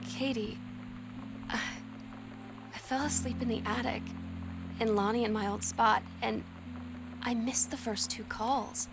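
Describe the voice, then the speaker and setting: An actress voicing a lonely, wistful teenage girl who reads her journal entries aloud as a game voice-over in a soft, unhurried way. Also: fairly high pitch, fairly even intonation. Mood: anxious. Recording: voice-over under game music.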